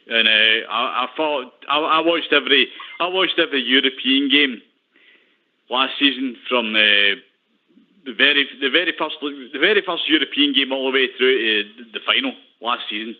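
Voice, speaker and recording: A man's voice: medium pitch, expressive, moderate pace. A Scottish man calling in to a radio phone-in show, chatty and repeating himself. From Scotland. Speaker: caller. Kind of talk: phone-in chat. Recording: tinny phone line.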